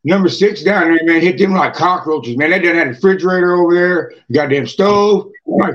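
A man's voice: fairly high pitch, a little fast, few pauses, a bit bright. A man telling rowdy stories on a podcast, rambling, profane and repeating himself. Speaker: podcast guest. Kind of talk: rowdy casual storytelling. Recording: distant, dull lo-fi mic.

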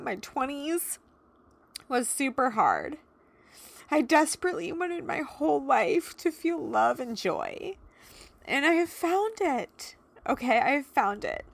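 Her voice is a little high and a bit bright: a thirtysomething life coach hosting a solo podcast. She talks heartfelt and earnestly, emotional and encouraging, with plenty of "you know" and "like."

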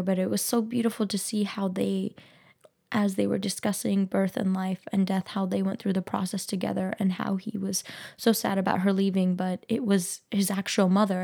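A woman talks alone into her podcast mic, earnest and reflective, often turning to the listener with questions. Her voice is mellow and dark with a gravelly edge, and her pitch stays fairly flat. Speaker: podcast host. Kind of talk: reflective solo podcast talk. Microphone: podcast microphone.

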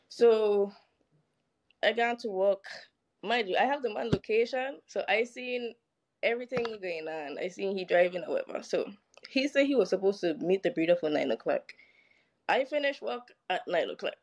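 Animated island-woman telling a story. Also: medium pitch, moderate pace. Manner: animated, profane, acts out quoted dialogue. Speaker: guest. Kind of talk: casual storytelling.

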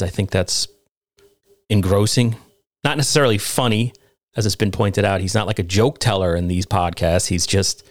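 A man hosting a podcast, rambling casually and often climbing into incredulous, high-pitched rants. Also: dry recording. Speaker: podcast host reviewing comedy.

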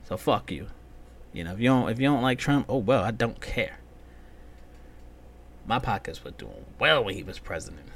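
Man, low voice, casual profane rambling, solo podcast rant, faint background hum. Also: moderate pace, long pauses. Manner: profane, rambling, loose and animated. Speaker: podcast host.

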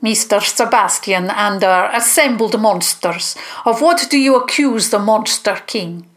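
A woman's voice: mid-range voice, measured pace, natural voice. A woman voicing a shape-shifting female monster leader who speaks formally and commandingly, in a children's storybook reading.

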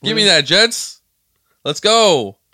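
A man's voice: high voice, lively intonation, slow, bright, forceful tone, dry recording. A young man from New Jersey with a Jersey accent, co-hosting a podcast and bantering crudely. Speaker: podcast co-host. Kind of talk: casual chat.

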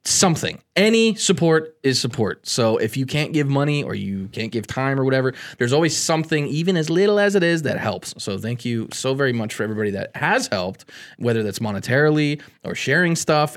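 Lively-voiced man in casual podcast chat. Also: mid-range voice, brisk. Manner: animated, swearing, emphatic. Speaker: guest, goth society founder.

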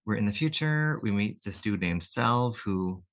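Low-voiced man recapping comics casually. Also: lively intonation. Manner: retells scenes with quick quoted lines, chuckling. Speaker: podcast co-host.

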